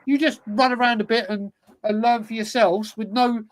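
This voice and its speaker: A man's voice: very high voice, fairly even intonation, normal speed, low-quality recording. A man hosting a football fan podcast, talking passionately and emphatically, often repeating himself for effect. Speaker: podcast host. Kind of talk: casual football chat.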